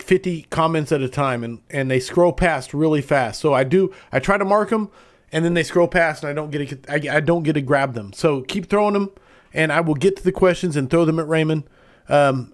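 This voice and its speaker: Eager higher-voiced male host. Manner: eager, reads out audience questions. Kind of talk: live-streamed interview.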